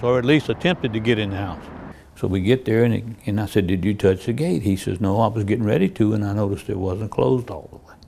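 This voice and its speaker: Lower-pitched male cop telling case stories for a crime interview, plainly told, voicing the exchanges. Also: fast, creaky, mellow, a little hiss or hum. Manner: plain storytelling, acts out quoted dialogue. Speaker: police officer. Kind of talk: true-crime interview recounting cases.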